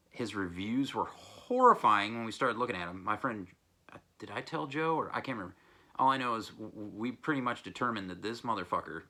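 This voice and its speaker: A man's voice: on the low side, sharp tone. A man in a casual vlog, telling a blunt, profane story while recovering from an illness. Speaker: record collecting vlogger.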